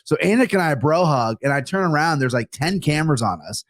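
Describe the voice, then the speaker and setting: A man telling a lively story on a podcast, excited and animated. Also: a little high, no echo, studio quality. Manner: fast, excited anecdote-telling. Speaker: podcast producer and guest. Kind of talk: casual storytelling.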